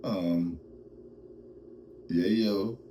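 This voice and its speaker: Male host, casual comedic commentary, deep mellow voice, rambling and laughing. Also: fairly even intonation, extremely slow, a little hiss or hum, poor audio. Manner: laughs often, rambling with fillers.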